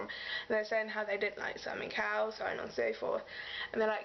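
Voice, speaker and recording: A woman's voice: fairly high pitch, little pitch movement, brisk. A young woman from England, gushing and rambling as she retells a story in a casual vlog. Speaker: vlogger. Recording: dull lo-fi sound with faint hiss.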